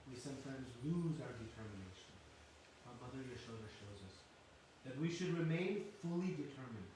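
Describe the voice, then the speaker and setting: A man preaching a devotional sermon, telling the story in an animated way and laughing at times. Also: fairly high pitch, slight background noise. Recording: echoey hall from far off.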